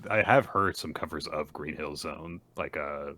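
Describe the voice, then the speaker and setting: A man co-hosting a podcast in casual chat, hesitant but lively when telling a story. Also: rumbling low, measured pace. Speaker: podcast co-host.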